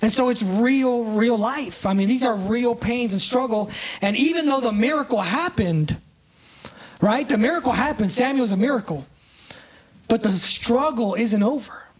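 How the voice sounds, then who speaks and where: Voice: medium pitch, moderate pace, husky. A preacher giving a conversational sermon, often checking in with "right?" and "you know", and calling listeners up to act out the story. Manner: casts listeners in live illustrations.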